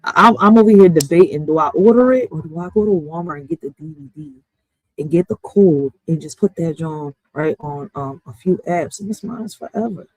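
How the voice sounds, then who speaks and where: A streamer and poet rants casually on a live stream, swearing a lot, using plenty of slang and talking straight to her chat. Her voice is fairly low and a little mellow, moving at a moderate pace. The recording is dry and rough.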